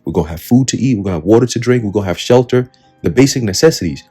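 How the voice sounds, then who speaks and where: Slangy low-voiced man preaching. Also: lively intonation, racing, mellow, husky, soft background music. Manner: slangy and profane, keeps asking "right?". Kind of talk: casual street-style Bible teaching.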